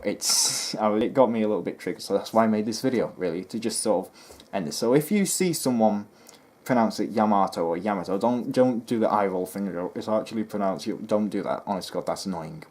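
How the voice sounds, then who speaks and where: Dude with a real low voice, rambly and a bit fed up, um-ing a lot while he talks to his viewers. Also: a little mellow, a little hiss or hum. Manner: chatty and exasperated, lots of ums and restarts. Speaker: history video host. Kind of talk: casual rambling commentary to camera.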